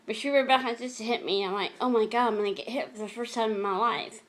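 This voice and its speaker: A middle-aged woman telling a personal story in a vlog, emotional and halting, often repeating and restarting her words. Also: fairly high pitch, fairly even intonation. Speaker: vlogger.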